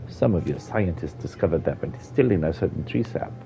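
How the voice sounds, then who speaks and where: A man's voice: sits low, expressive, fairly quick, gravelly, noisy background. Man putting on a solemn old lizard-folk woman. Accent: put-on Jamaican-style accent. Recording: dull lo-fi stream audio.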